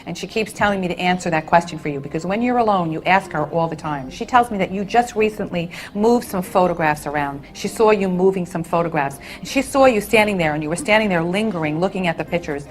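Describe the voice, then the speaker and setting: A woman's voice: medium pitch, animated, a little fast, faint music behind. Soothing medium woman with endearments. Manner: soothing, endearments, relays messages. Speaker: psychic medium. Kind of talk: live audience reading.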